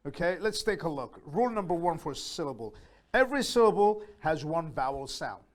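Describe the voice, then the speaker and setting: A man teaching a beginner English lesson, patiently explaining step by step and slowly repeating each word aloud so learners can copy it. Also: on the high side, big pitch swings. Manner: slow, repeats words aloud to model pronunciation.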